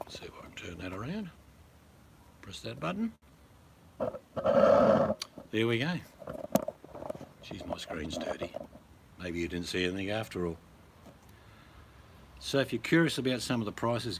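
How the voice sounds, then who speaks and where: Middle-aged Australian guy, low voice, blunt joker who rambles on camera. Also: expressive, moderate pace, long pauses, background noise. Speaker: vlogger. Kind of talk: casual to-camera chat.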